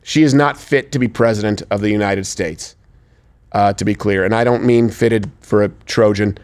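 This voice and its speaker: A man's voice: fairly low pitch, fairly even intonation, moderate pace, darkish tone. A man hosting a crude comedic political talk show, sarcastic and mocking. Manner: sarcastic, slips into mocking impressions. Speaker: show host.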